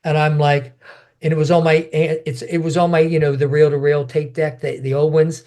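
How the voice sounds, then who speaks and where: An older man, a guest in an interview, telling a personal story in an animated way and acting out what people said. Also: on the high side, normal speed. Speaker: guest, martial artist and actor.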